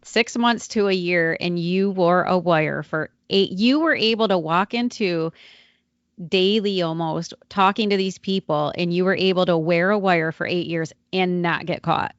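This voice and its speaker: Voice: mid-range voice, measured pace, a bit bright, clean tone, no echo. An interview host asking probing follow-up questions to clarify the guest's story. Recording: dull, dry lo-fi sound.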